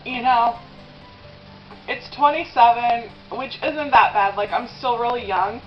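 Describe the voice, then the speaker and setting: A young woman in her twenties rambles through a confessional vlog while eating, leaning on "um" and "like" and close to tears at times. Her voice sits a little high. The home video sound is a bit muffled, with faint music underneath. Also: a little slow. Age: 20s. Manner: rambling, with many "um" and "like" fillers. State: tearful at times. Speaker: vlogger.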